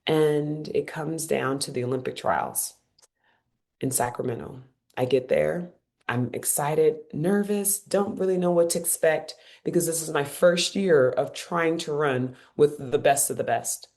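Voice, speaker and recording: A woman in her forties speaks in a notably low voice. She is a podcast guest who tells her story with lively emphasis. She repeats phrases to drive her points home. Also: a little slow, gravelly. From Cincinnati, United States. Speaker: guest, former Olympic runner.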